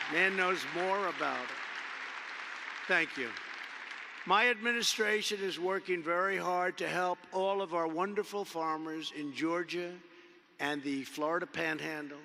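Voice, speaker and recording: A man in his seventies with a fairly high-pitched voice speaks off the cuff from a podium at a convention, rambling, repeating himself, and leaning on emphatic superlatives. The large indoor arena gives a long reverb, and there is background noise.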